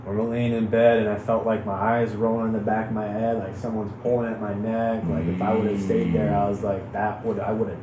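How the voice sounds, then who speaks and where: A man from Chicago telling a wild personal story in casual chat, animated, laughing often and swearing freely. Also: lowish voice, brisk, hardly any pauses, reverberant, background noise. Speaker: guest.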